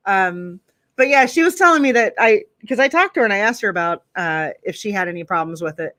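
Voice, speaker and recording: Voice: mid-range voice, expressive, a little fast, pushed and bright, no echo. A guest in a casual chat, talking candidly and self-deprecatingly and laughing easily.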